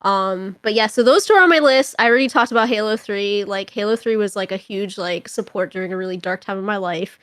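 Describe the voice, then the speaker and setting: A young woman from Toronto, a podcast guest telling stories in casual chat, animated and rambling, with constant filler words. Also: mid-range voice, brisk, few pauses, no room sound. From Toronto, Canada.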